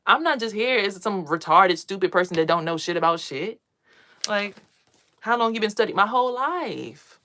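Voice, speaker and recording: A woman's voice: medium pitch, lively intonation, moderate pace, pushed and bright. A woman and mother talking to camera in a rambling, profane, streetwise way about meditation and energy. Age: adult parent. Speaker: spiritual vlogger. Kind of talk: casual spiritual monologue.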